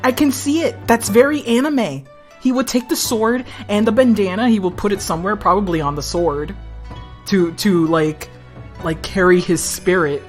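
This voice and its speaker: A woman streaming a game, reacting loudly with laughter, swearing and excited outbursts. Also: mid-range voice, moderate pace, faint music behind. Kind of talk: casual gaming commentary.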